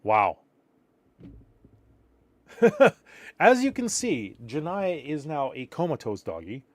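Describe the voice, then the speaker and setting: A man's voice: fairly high pitch, huge pitch swings, slow, dry recording. A man from Canada, rambling through a casual live stream, reacting to viewer chat and a little tired.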